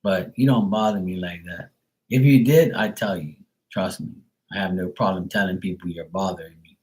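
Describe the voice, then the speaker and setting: A man's voice: low voice, normal speed, a little mellow. A man who reads tarot, ranting casually and bluntly on a live stream, swearing freely. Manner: profane, exasperated, blunt. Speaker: tarot reader.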